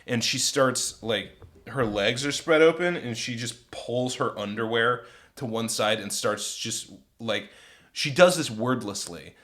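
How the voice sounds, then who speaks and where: A young man tells a crude comic story on a podcast. He rambles and swears, with lots of "like" and restarts. His voice sits at an ordinary middle pitch for a man. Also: unhurried, a bit bright. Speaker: podcast co-host.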